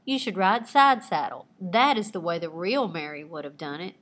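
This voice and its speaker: A woman's voice: lowish voice, animated, normal speed, fairly bright tone. Woman putting on a snobby nasal director lady. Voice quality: nasal twang.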